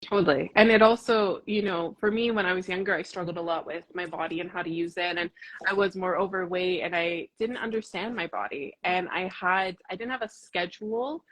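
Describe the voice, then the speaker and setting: Woman instructor, husky voice, earnest casual talker, heavy on fillers. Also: lowish voice, a little fast, fairly bright tone, low-quality recording. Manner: earnest, uses many fillers like "like" and "you know". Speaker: martial arts instructor. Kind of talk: casual conversation.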